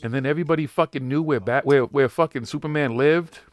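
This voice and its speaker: A man's voice: medium pitch, quick pace. A man with a Boston accent hosting a live radio show, rambling and swearing constantly in brash, casual chat. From Boston, USA.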